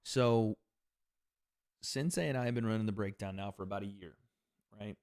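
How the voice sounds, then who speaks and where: A man's voice: fairly low pitch, normal speed, darkish tone, clean tone, no echo, studio quality. A man hosting a livestream watch party, giving casual, profane commentary on a fight and bantering with his chat. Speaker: livestream host.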